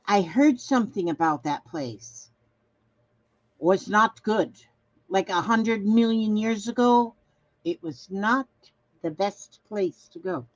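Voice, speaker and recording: A chatty woman hosts a casual craft livestream, rambling as she reads viewer comments aloud. Her voice rises and falls with lively swings, and she takes her time. The audio is dull and lo-fi. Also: mid-range voice, slow pace. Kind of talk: casual live-stream chat.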